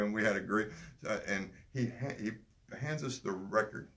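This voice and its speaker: Older man from Tennessee, vlog host, low and gravelly, rambling storyteller. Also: moderate pace, a bit bright. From Tennessee, USA. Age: 60s. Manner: rambling, many fillers and restarts. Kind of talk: casual storytelling.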